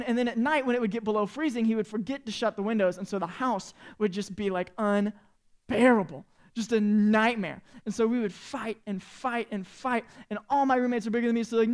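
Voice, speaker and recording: A man's voice: high-pitched, fairly quick. A youth pastor in his late twenties telling a humorous, chatty story to students, acting out the quotes. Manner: animated, chatty, acts out quotes with big swings in volume.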